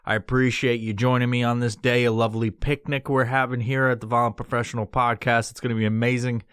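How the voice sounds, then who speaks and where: A man's voice: mid-range voice, level tone, quick pace, a bit bright, clear, resonant tone, no echo. A man from New York hosting a solo podcast, rambling and swearing in an exaggerated tough-guy tone he admits to putting on in his studio. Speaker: podcast host.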